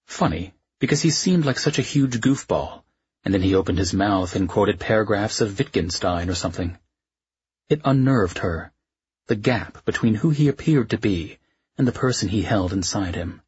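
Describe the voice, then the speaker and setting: A man narrates a novel in an expressive, wry way. His voice is very low and strongly husky. The recording is dry, close and slightly dull. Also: normal speed, no room sound. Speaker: audiobook narrator. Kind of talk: scripted narration.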